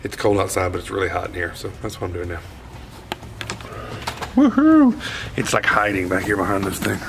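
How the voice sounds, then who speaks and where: A man's voice: low-pitched, level tone, quick pace, vocal fry, noisy background. A man who is a youth minister, talking in a casual vlog. He reflects candidly and rambles.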